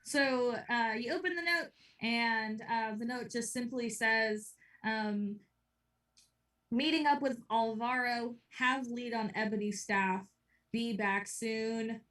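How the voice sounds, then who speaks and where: A woman's voice: on the high side, takes it slowly, a bit bright. A woman narrating as game master of a tabletop game, hesitant with many ums. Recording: echoey room, far from mic.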